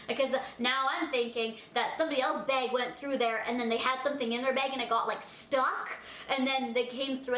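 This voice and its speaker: A high-pitched young-sounding woman rambles through a storytime vlog, chatty and animated, packing in filler words. Her voice rings in an echoey room. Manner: animated, acts out her own reactions. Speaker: vlogger.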